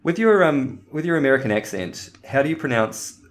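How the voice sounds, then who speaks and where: A man's voice: medium pitch, expressive, brisk. A man co-hosting a podcast in casual chat, rambling and laughing often. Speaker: podcast co-host.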